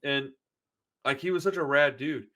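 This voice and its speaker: This man's voice sits at a medium pitch with a pushed, bright quality, and he talks at a normal speed. He's a podcast host in his 40s, rambling through long stories in laid-back chat, heavy on profanity and "dude."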